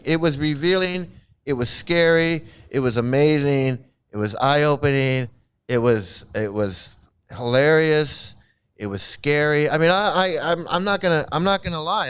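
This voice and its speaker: A man's voice: sits high, clean tone. A man hosting a live reaction commentary, talking in a rambling, repetitive way with many false starts. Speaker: channel host.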